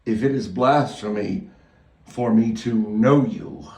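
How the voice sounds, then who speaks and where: A man preaching a loose, rambling sermon, moving between quiet, halting prayer and loud, excited retelling. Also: fairly low pitch, reverberant, distant mic, low-quality recording.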